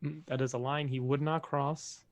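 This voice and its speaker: Man tabletop player, mid-pitched, clipped and terse. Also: flat delivery, normal speed. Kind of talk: tabletop role-play, mixing in-character lines and narration.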